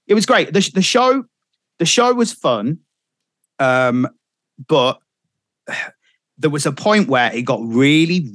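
A man's voice: mid-range voice, fairly bright tone, no echo, clean studio sound. Chatty man telling radio stories. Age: middle-aged. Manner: chatty storyteller, acts out quotes. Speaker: radio presenter guest. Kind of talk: casual interview chat.

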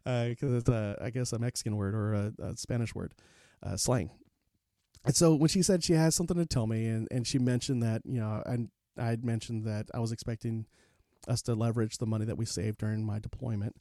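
A middle-aged man tells his own story as a podcast guest, rambling candidly with frequent fillers and restarts. His voice is warm and mellow, and his pitch is average for a man. The sound is dry and close, with no room echo. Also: fairly even intonation, fairly quick. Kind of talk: personal storytelling in an interview.

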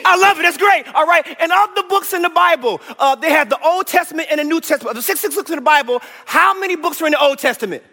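High, bright-voiced enthusiastic preacher. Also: male voice, fast talker, hardly any pauses. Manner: enthusiastic, coaxing the room to answer aloud. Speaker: preacher teaching a Bible class. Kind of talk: call-and-response Bible lesson. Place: church hall. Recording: echoey church hall.

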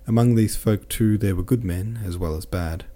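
A man's voice: lowish voice, moderate pace, mellow, natural voice. A man reading a kindly sing-song peasant soldier. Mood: gentle, kindly. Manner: tender sing-song caressing. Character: kindly little male peasant soldier, gentle. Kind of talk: audiobook reading.

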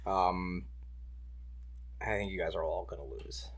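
A man with a husky, slightly rough voice, chatting and joking about football picks. He keeps the tone light and teasing. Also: low voice, fairly even intonation, measured pace. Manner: joking, laughs easily. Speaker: podcast co-host. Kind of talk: casual sports chat.

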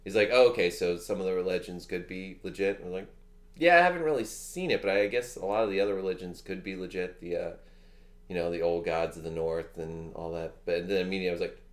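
A man's voice: deep voice, fast. A man in his thirties telling rambling, profane stories in a casual chat, full of fillers. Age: 30s.

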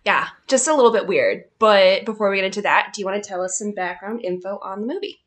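A woman's voice: medium pitch, quick pace. Wry young woman podcaster. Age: young adult. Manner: dry, witty one-liners. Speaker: podcast co-host. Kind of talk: casual chat.

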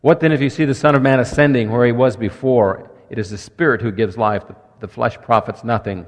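A man's voice: medium pitch, fairly even intonation. Earnest male pastor in a reverberant hall. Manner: earnest, emphatic repetitions, measured pauses. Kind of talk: sermon, reading and explaining scripture. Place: church.

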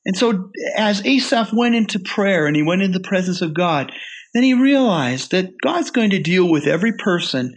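A man's voice: expressive, normal speed. Earnest man preaching a sermon. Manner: earnest, rises and falls in pitch with emphasis when reading scripture. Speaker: Bible teacher. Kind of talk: sermon teaching.

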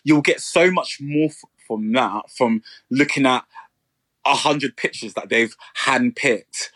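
A man, co-hosting a podcast in a chatty, animated way. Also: medium pitch, slow pace, no room sound. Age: 30s. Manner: chatty, animated, playful mimicry. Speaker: podcast co-host. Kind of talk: casual chat.

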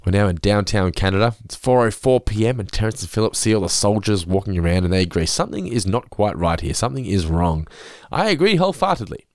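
Laid-back low-voiced man recapping. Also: fast, hardly any pauses, a little mellow, no echo, clean studio sound. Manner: laid-back, recaps scenes with mimicked quotes. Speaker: podcast host. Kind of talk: casual episode recap chat.

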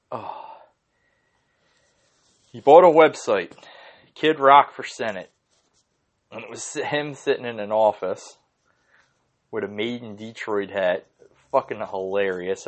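A young man talks into his own podcast with a somewhat low voice. He rambles, swears freely and gets excited as he goes, in a loose, unscripted chat. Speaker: podcast host. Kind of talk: casual solo podcast rant.

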